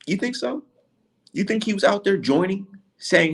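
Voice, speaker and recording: Ranting husky man, voice swinging wildly. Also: sits high, normal speed, pauses often. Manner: animated, profane, sarcastic, rhetorical questions. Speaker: commentator. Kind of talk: heated rant to camera.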